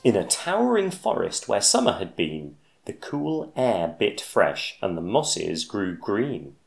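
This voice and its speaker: A man reading a rhyming picture book aloud in an expressive, sing-song manner. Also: lowish voice, slow pace, vocal fry, faint music behind. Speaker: storyteller.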